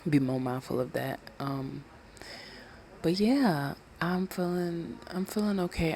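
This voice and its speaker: Casual solo podcaster, mid-pitched voice, low-key, rambling, home at night, handheld mic. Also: a little hiss or hum. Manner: talking low and rambling, swears freely. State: winding down. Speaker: podcast host. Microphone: small handheld USB microphone.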